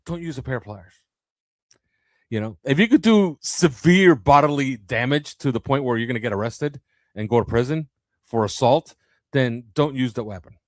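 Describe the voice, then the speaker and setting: A man co-hosting a casual sports podcast. He talks in an animated way, laughs a lot and acts out lines, his pitch rising and falling widely. The sound is dry and close. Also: normal speed, dry recording. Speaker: podcast co-host.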